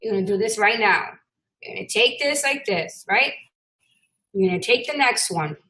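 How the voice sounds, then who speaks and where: A woman teaching a trading lesson in a casual screen-share style, brash and blunt, swearing freely and swinging between loud bursts and muttering. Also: medium pitch, expressive, normal speed, low-quality recording. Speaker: trading instructor.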